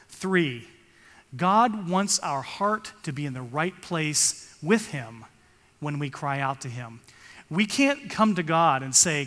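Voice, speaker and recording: A man's voice: fairly high pitch, expressive, takes it slowly, fairly bright tone, long reverb tail. A male pastor giving an earnest sermon, reading scripture aloud and rising for emphasis.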